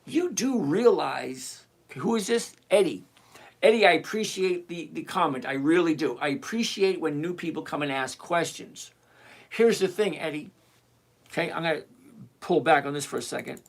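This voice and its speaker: Speaking at normal speed in a mid-range voice, this livestream host explains options trading and reads out and answers questions from chat. The style is animated, chatty, direct and repetitive.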